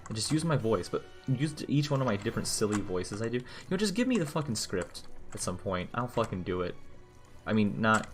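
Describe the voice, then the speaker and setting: A young man streaming a video game, rambling and joking casually, swearing freely, with keyboard typing nearby. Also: fairly low pitch. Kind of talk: casual gameplay commentary.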